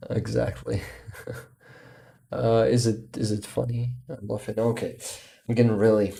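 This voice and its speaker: A man with a Ukrainian accent chatting casually on a livestream, exhausted and halting, often restarting words. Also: on the low side, little pitch movement, gravelly, dark tone. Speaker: livestream host.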